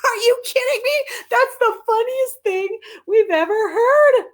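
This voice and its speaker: A woman doing high, loud mocking dogs. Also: sing-song, moderate pace, exaggerated voice. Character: teasing pack of mocking dogs.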